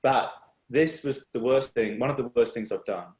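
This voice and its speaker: A man giving an earnest, confessional personal testimony over a video call, halting and restarting as he speaks. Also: mid-range voice, a little mellow, echoey room, low-quality recording. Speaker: speaker at a worship workshop.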